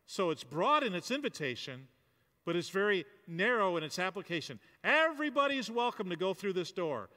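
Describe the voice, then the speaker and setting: Lively conversational preacher in a hall. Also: male voice, high voice, moderate pace. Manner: conversational and animated, with filler words and restarts. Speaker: pastor. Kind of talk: sermon. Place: church hall. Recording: long hall reverb.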